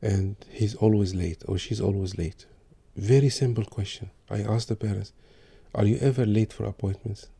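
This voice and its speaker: A man giving calm parenting advice with examples. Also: lowish voice, moderate pace, creaky, hardly any pauses, breathy edge. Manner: calm, advisory, gives examples. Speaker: parenting speaker. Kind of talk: talk on parenting.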